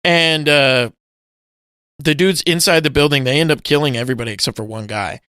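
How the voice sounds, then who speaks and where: A man co-hosting a podcast, chatting casually and swearing a lot as he retells movie scenes with yelled bits. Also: a little high, fairly quick, clean tone, no room sound, studio quality. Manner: animated storytelling, swearing, loud acted-out yells. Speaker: podcast co-host. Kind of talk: casual chat.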